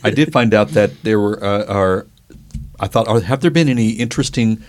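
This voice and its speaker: Male podcast co-host, lower voice, halting, casual delivery full of restarts. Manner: hesitant, halting, with many restarts. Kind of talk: casual chat.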